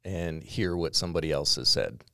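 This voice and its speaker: Earnest middle-aged pastor on a podcast, very deep voice, dry close sound. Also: male voice, moderate pace, vocal fry, fairly bright tone, no echo. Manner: earnest, explanatory, emphatic. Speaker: executive pastor. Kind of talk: podcast conversation.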